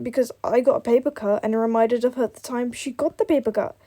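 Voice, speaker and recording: A young woman chats her way through a building game, rambling from one thought to the next and leaning on filler words. Her voice sits a little high, with a mellow, unforced tone. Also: steady tone, fast talker, hardly any pauses. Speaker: gaming vlogger. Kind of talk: casual chat while playing a building game.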